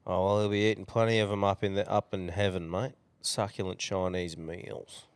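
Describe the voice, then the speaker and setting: A man's voice: fairly low pitch, steady tone, fast, smooth, no room sound. A young Australian man co-hosting a podcast in easygoing casual chat. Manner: easygoing, laughs along. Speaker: podcast co-host.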